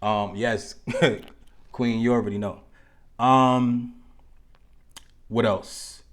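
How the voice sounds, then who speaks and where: A man's voice: medium pitch, fairly even intonation. Laid-back man chatting to live viewers. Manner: loose and conversational, slang, joking asides to the chat; slows down to stress key points. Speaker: host of a live relationship talk show. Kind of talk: casual live-stream talk to viewers.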